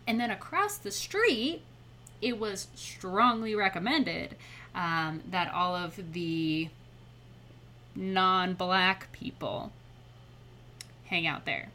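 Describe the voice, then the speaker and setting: A young adult woman speaking as a podcast guest in casual conversation, chatty and quick to laugh. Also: fairly low pitch, animated, sharp tone, a little hiss or hum.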